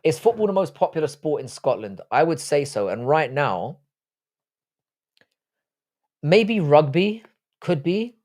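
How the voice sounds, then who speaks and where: A man's voice: a little high, big pitch swings, unhurried, long pauses, a little mellow. A man in his forties hosting a live stream, answering viewer chat in casual, blunt, profane, joking banter. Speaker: livestream host.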